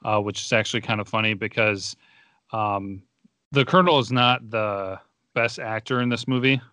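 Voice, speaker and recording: A man's voice: on the low side, normal speed, sharp tone, no echo. A young man casually reviewing a movie in a rambling, laid-back way, laughing as he goes. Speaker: podcast co-host.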